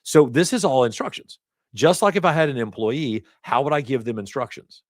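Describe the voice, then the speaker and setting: A man teaching a live training class, talking casually with asides and quick self-corrections. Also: medium pitch, animated, dry recording, clean studio sound. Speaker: instructor. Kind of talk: live certification lecture. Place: training event room.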